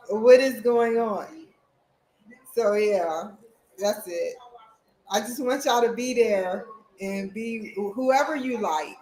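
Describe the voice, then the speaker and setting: A woman's voice: fairly high pitch, a little mellow. Chatty woman in a roomy room. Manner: rambling, chatty, talks straight to viewers. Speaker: vlogger, college student. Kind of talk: casual chat to camera. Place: at home, indoors.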